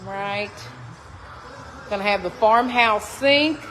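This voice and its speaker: Woman realtor, home tour vlog, chatty and exclamatory, slow delivery, reverberant empty house, faint background noise. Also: mid-range voice, fairly bright tone. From Texas. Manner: chatty, exclaims often, addresses viewers as y'all. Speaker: realtor touring a model home. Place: empty house under construction, indoors.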